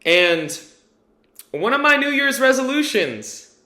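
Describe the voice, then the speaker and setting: A man's voice: extremely high pitch, sing-song, slow, sharp tone. Chatty man in an echoey room. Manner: rambling, candid, swears casually, many fillers. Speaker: vlogger giving a testimonial. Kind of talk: casual personal vlog.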